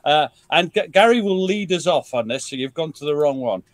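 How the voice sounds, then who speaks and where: A man's voice: fairly high pitch, animated, fairly quick, dry recording. A man, guest historian on a podcast, joking and laughing often in casual chat. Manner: jokey, self-mocking, laughs often. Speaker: guest, military historian and author.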